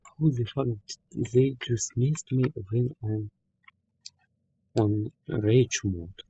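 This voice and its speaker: A man's voice: medium pitch, takes it slowly, dark tone, breathy edge. A man talking casually while playing a video game, swearing often and speaking in loose, non-native phrasing. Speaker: gamer. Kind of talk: casual gameplay commentary. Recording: dull lo-fi game capture.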